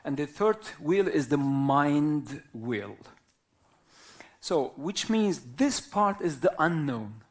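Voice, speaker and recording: Slow, lively man in his fifties. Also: a little high. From Turkey. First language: Arabic. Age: 50s. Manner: slow, philosophical, checks in with listeners; non-native English with simple grammar. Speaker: whirling dance teacher. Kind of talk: reflective live talk.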